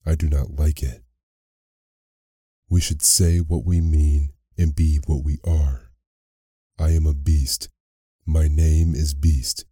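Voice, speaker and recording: A man's voice: very deep voice, little pitch movement, slow, long pauses, warm tone, slightly rough, dry recording, studio quality, exaggerated voice. A man voicing a huge, ugly, furious beast who growls and spits out his words in a bedtime story reading. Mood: commanding.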